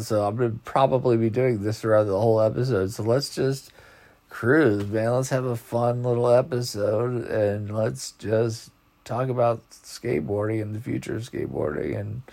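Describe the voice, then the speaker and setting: A middle-aged man of average pitch hosts a podcast in loose, rambling chat. He talks in laid-back slang and yawns often, sounding sleepy. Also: normal speed, vocal fry, darkish tone. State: yawning, sleepy. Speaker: podcast host.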